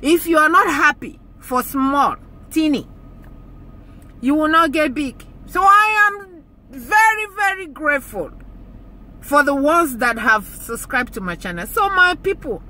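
Slow-spoken woman with a bright voice. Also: high-pitched, expressive. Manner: emotional, earnest, repeats phrases for emphasis. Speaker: YouTube channel host. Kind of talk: heartfelt thank-you talk to viewers.

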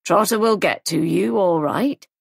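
A woman's voice: lowish voice, a little slow, creaky, husky, no room sound, clean studio sound, exaggerated voice. A woman voicing a confident male police superintendent on the telephone, speaking firmly and decisively. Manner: firm, decisive.

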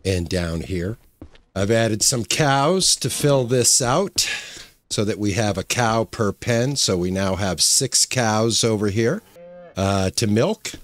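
A man's voice: fairly low pitch, slow pace, no room sound. A man hosting his own channel, talking casually over his gameplay, rambling with many fillers and restarts. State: emotional, choked up. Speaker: gaming channel host.

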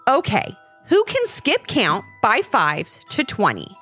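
A woman playing a smug, grumpy ruler of a math land in a children's audio story, his lines snappy and a little sulky. The voice is lively and rises and falls a lot, with soft music beneath. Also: a little high, takes it slowly, slightly rough, heavily acted.

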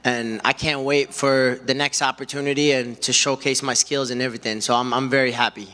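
Excited male fighter, post-fight interview, bright tense voice, long reverb. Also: medium pitch, brisk. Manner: excited, rambling with lots of "you know".

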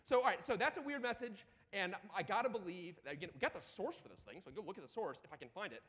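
A man giving a live lightning talk at a conference while demoing a terminal, excitable and profane, with rapid asides. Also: high voice. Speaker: conference speaker. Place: conference hall. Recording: reverberant conference hall.

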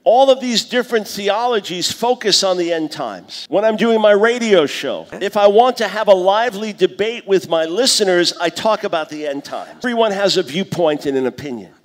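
High-voiced man lecturing in a reverberant hall. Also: moderate pace, hardly any pauses. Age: 50s. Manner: lively teaching, acts out quoted voices. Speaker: conference speaker. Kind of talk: conference lecture on scripture. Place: conference hall.

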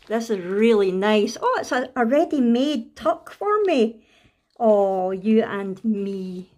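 Scottish woman, craft vlogger, casual unboxing chat, gushing, gasping, higher-pitched. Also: moderate pace, slight background noise. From Scotland. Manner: excitable, gushing with frequent gasps and "oh"s.

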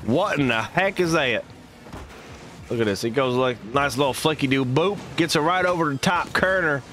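A man's voice: fairly high pitch, normal speed, a bit bright, slight background noise, voice pushed up, lightly acted. A man doing a hyped Southern-accented caster. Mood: excited. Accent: put-on Southern US. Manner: hyped, goofy made-up slang. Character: folksy Southern-accented male game caster. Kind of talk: live esports commentary.

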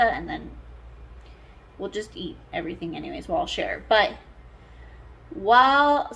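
Woman, family vlogger, casual rambling chat, lots of fillers, slightly high voice, handheld camera. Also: fairly bright tone. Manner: chatty, rambling storyteller, many "like" fillers. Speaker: family vlogger, mother of twins. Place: hotel room.

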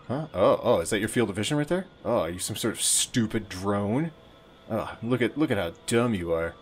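A man's voice: medium pitch, a little hiss or hum. A man giving casual, jokey commentary while playing an online game, with mock-dramatic outbursts and swearing.

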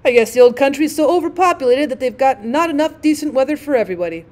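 A woman voicing a calm, dry-witted middle-aged American gentleman in a storybook reading, speaking firmly in a matter-of-fact way. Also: high-pitched, fast.

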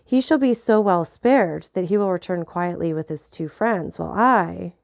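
A woman voicing a grave, vengeful nobleman who speaks in a measured, solemn way. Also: on the low side, vocal fry.

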